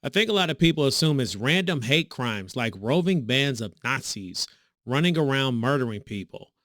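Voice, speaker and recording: A man's voice: dry recording, clean studio sound. Sarcastic male reaction-video host. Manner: sarcastic, mocking, animated pitch swings. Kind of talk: reaction commentary.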